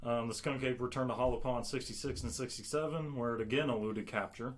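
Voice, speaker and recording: Relaxed man telling cryptid lore. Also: medium pitch, quick pace. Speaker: podcast co-host. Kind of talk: casual chat.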